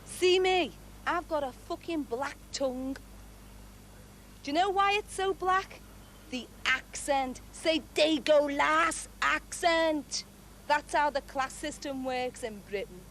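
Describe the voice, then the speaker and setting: A woman's voice: sits high, expressive, unhurried, fairly bright tone, slight background noise. A woman with a Liverpool accent speaking bluntly and earthily in an interview. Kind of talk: opinionated interview talk.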